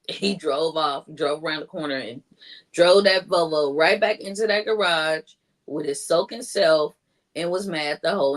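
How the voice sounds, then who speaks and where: A woman telling her own story as a guest, chatty, with many "like" fillers, raising her voice when she acts out what others said. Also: deep voice. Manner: chatty, acts out quoted lines in a raised voice; heavy use of "like" fillers. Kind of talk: personal storytelling.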